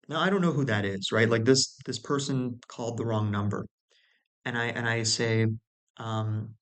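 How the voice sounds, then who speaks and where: A man speaking straight to the viewer in a relaxed, explanatory way. His voice sits at an ordinary middle pitch. He often repeats words as he finds his phrasing and keeps checking that the listener follows. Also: moderate pace. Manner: conversational, many restarts and "right?" checks. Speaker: video host. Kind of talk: casual explanatory talk.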